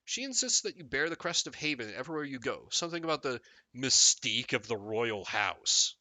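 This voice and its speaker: Reading a text game's story aloud during a live stream, a man with a mid-range voice talks fairly quickly and jokes about what he reads. He's animated, and there's no echo.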